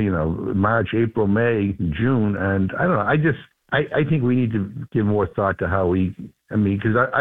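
A man with a deep, low voice speaks over a thin, tinny phone line. He talks earnestly and with emphasis, often restarting his sentences, like a lawmaker called in to a radio show. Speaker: congressman guest.

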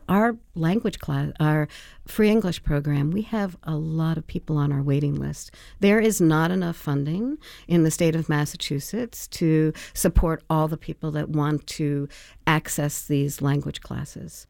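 A woman, executive director of a language school, answering questions in a radio interview, speaking warmly with many fillers and pauses. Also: low voice, vocal fry, dry recording, studio quality. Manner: warm, hesitant with many fillers.

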